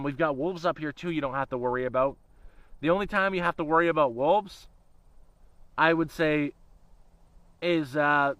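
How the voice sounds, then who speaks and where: A man's voice: on the high side, a bit bright, smooth, no echo, lo-fi sound. A man rambling in a casual livestream chat, swearing freely and laughing often. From Canada. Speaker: channel host.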